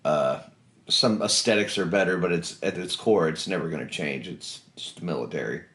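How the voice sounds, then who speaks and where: A man in his forties with a Kentucky accent, a veteran telling his story in an interview in a blunt, profane, animated way. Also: low voice, moderate pace. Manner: blunt, profane, swerves into animated impressions of others. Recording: echoey room.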